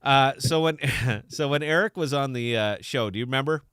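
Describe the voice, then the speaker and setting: Hosting a podcast, a man chats casually and without a script, brash and profane as he teases his co-host. His mid-range voice moves at a normal speed, with a clear, resonant, slightly bright tone. The studio recording is clean and dry.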